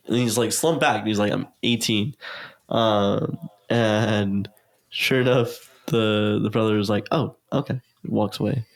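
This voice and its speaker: A young man in casual podcast talk, telling a long story full of fillers and acted-out quotes. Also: fairly low pitch. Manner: rambling, filler-heavy, acts out quotes. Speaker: guest.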